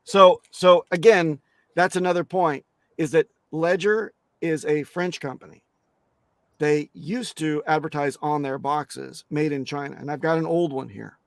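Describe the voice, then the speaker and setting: A man's voice: on the high side, fairly even intonation, measured pace, vocal fry, dry recording. A man speaking as a guest on a crypto interview show, emphatic and blunt, swearing casually and restarting his sentences often.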